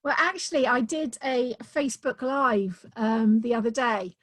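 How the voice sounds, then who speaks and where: A woman's voice: a little high, unhurried, no room sound. A woman author talking enthusiastically about her books in a casual video-call interview, with many "um"s. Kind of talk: casual conversation.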